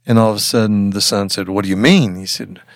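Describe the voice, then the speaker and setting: A man's voice: lowish voice, steady tone, dry recording, studio quality. Earnest older man telling a story. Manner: earnest, halting with restarts. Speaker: guest. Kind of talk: storytelling in an interview.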